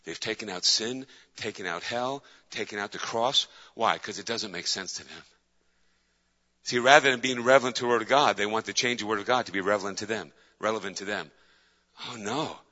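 Fervent male preacher, dramatic storyteller; bright, forceful tone, dull lo-fi recording. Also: on the low side, fairly quick. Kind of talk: sermon. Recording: dull lo-fi with long hall reverb.

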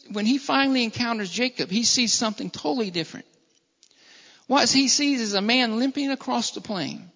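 A preacher delivering a sermon with emphatic, repetitive phrasing, slowing down to stress key words. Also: mid-range voice, creaky, fairly bright tone. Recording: long reverb, dull lo-fi sound.

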